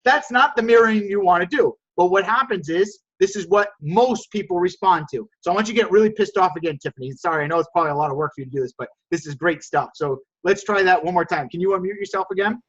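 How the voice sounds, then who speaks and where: A man coaching a group call on lowballing, energetic and coaxing, often repeating words. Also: fast, hardly any pauses, breathy edge. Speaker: sales coach and host. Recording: dull lo-fi call audio.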